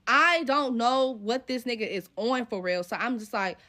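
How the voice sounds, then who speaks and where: A woman's voice: a little high, lively intonation, normal speed, bright, forceful tone. A young woman telling a story from her own life in casual, profane slang, acting out the dialogue as she goes. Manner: profane, slangy, retells scenes with quoted dialogue.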